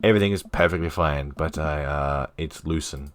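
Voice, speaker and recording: A man voicing a posh, overly formal gentleman dad while reading game dialogue aloud. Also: extremely low pitch, normal speed. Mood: formal, apologetic.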